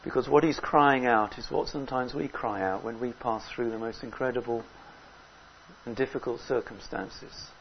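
A man preaching a sermon in an earnest way, rising loud on key words and dropping low between them. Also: moderate pace, highs cut off, slight background noise.

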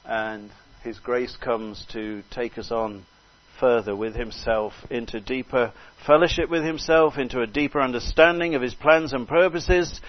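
An older man preaching a sermon with fervour, repeating phrases and crying out hallelujah between soft asides. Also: mid-range voice, measured pace, hardly any pauses. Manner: fervent, swings between loud exclamations and soft asides. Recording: dull lo-fi recording.

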